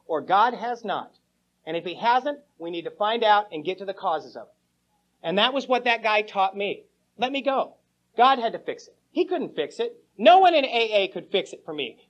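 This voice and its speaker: A man telling his recovery story at a meeting, in a joking, slangy way, calling listeners "man" and "bro". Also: very high-pitched. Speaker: AA meeting speaker. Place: meeting room before a live audience. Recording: lo-fi old cassette tape.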